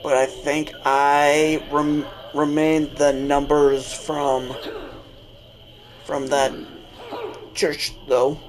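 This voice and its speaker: A man's voice: on the high side, little pitch movement, extremely slow, long pauses. A man telling a personal story in casual chat while gaming, rambling and restarting his sentences. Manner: rambling, restarts and self-corrections. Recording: noisy background.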